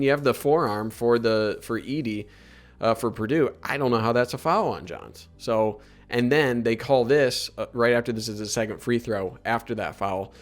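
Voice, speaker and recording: A man giving casual commentary over game footage, picking apart plays and calls in a conversational, critical way with many fillers. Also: medium pitch. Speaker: sports analyst breaking down game film.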